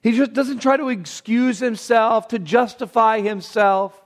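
A man preaching a Bible sermon, dropping to a hushed, reverent tone and then rising into emphatic, repeated phrases. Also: very high voice, steady tone, measured pace. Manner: swings between hushed reverent passages and raised emphatic bursts; repeats words when building a point. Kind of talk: expository sermon.

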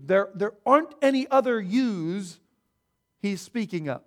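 Male pastor, higher voice, emphatic sermon delivery with repeated key words. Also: expressive, unhurried.

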